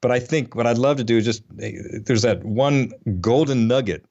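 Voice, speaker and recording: A man's voice: medium pitch, moderate pace, a little mellow, muffled recording. A man hosting a casual podcast, rambling and self-deprecating, with lots of fillers and restarts. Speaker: podcast host. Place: Atlanta area.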